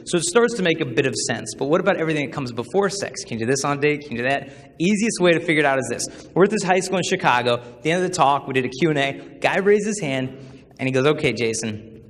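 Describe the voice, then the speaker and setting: A man giving a humorous public talk to students, telling stories with animated acted-out voices. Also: on the high side, fast talker, in a large hall. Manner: animated storytelling, acts out voices. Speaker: chastity speaker.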